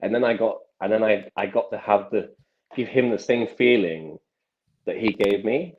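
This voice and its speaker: A young man, a magician telling stories from his life as a podcast guest, with animated delivery and frequent restarts. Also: fairly low pitch, moderate pace, slight background noise. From England. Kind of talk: casual podcast storytelling. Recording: dull lo-fi sound.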